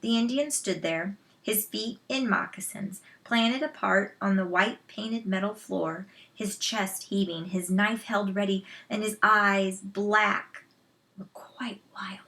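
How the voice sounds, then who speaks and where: Woman storyteller, children's book read aloud, slow unhurried pace, medium pitch, soft asides. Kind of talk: reading a children's novel aloud.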